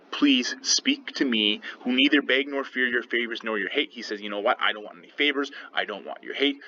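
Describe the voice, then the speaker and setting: A man's voice: fairly low pitch, pushed and bright, highs cut off, slight background noise. A man teaching a play in a casual lesson, retelling its lines in everyday slang with many fillers. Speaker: English teacher.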